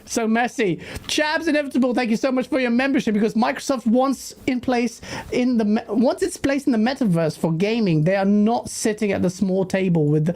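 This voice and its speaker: A woman's voice: on the high side, a little mellow. A woman hosting a casual live stream, reading out viewer messages in a chatty, giggly way. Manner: chatty, giggly, reads messages aloud quickly. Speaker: host.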